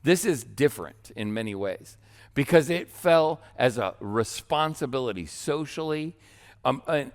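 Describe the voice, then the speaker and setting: A male pastor preaching a sermon in a conversational way, often checking in with "right?" and acting out little scenes. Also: medium pitch. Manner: conversational, asks "right?" often, acts out quoted voices.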